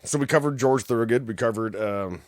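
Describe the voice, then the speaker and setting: A man's voice: mid-range voice, a little fast, slight background noise. A man co-hosting a podcast, telling a story in casual chat and swearing freely. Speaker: podcast co-host.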